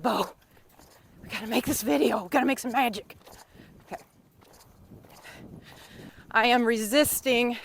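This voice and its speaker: A woman riding instructor teaching while she rides a horse outdoors in the wind, coaching in a teasing, encouraging way. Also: a little high.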